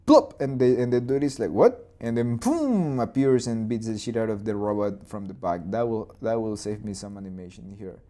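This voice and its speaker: A man in his twenties or thirties hosting a live storyboarding session, talking loosely through his ideas, with restarts and boom and plop sound effects. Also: fairly quick, hardly any pauses, dark tone. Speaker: animator and channel host.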